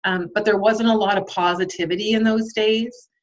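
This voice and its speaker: A woman's voice: mid-range voice, fairly even intonation, moderate pace, muffled recording. A woman guest on a podcast interview, speaking candidly and reflectively, with frequent ums and light laughter.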